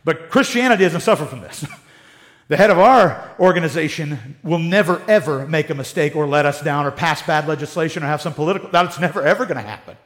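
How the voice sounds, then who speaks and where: A man's voice: fairly high pitch, fast, fairly bright tone. An American man preaching a sermon in a conversational way, with sarcastic asides. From United States. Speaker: pastor.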